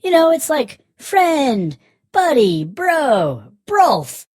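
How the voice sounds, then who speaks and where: Guy doing a teasing breathy old witch, slow and sing-songy, dry close sound. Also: very high-pitched, huge pitch swings, darkish tone, dry recording, pitched above the performer's own voice, exaggerated voice. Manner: teasing, rhymes everything, breathy half-whisper. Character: sly old rhyming witch woman. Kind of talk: storybook voice acting.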